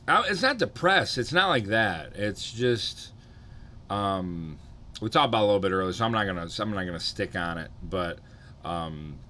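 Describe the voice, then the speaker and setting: A man's voice: sits low, sharp tone. A young man streaming live, chatting loosely with his viewers, swearing often and a bit hungover and sluggish. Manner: laid-back, rambling, swears often, greets chatters. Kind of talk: casual live-stream chat.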